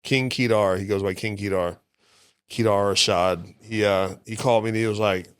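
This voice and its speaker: A middle-aged man, a stand-up comedian, telling frank, profane stories in a relaxed way as a podcast guest on a close mic. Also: fairly low pitch, normal speed, clear, resonant tone, dry recording. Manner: frank, profane, laid-back storyteller. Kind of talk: candid storytelling in casual interview.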